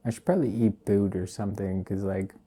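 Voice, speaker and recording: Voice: deep voice, steady tone, fast talker, dark tone. A livestream host in casual chat, goofy and laughing often, hesitating with many fillers, on a phone mic.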